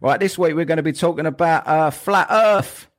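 A man's voice: a little high, normal speed. A man hosting a podcast in a casual, jokey chat, rambling with plenty of fillers. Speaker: podcast host.

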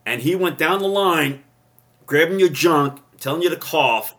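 A man, a retired police officer on a podcast, telling stories with rambling restarts and rising loud when excited. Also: a little high, a little slow. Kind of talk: casual storytelling chat.

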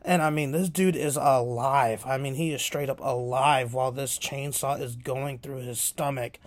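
A man's voice: mid-range voice, steady tone, moderate pace, no room sound. A man hosting his own podcast, rambling casually with many fillers. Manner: rambling, lots of filler ums. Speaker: podcast host.

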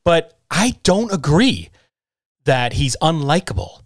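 A man on a casual chat show, ranting with emphasis and calling out to the audience. His voice sits a little higher than most men's, and the recording is dry and close with no room sound. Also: very animated, slow pace, no echo. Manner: emphatic, ranting, talks straight at listeners.

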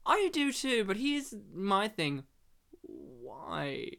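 A man's voice: high-pitched, wildly swooping pitch, drawn-out words, gravelly, sharp tone. A young man hosting a casual movie chat, rambling and laughing often. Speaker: podcast host.

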